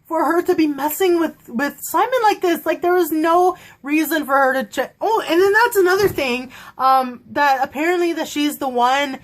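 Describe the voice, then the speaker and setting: A woman's voice: high voice, moderate pace, few pauses. A young woman giving a casual, gushing review of a TV episode, laughing often and acting out characters' lines. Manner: bubbly, gushing, laughs often, acts out quotes.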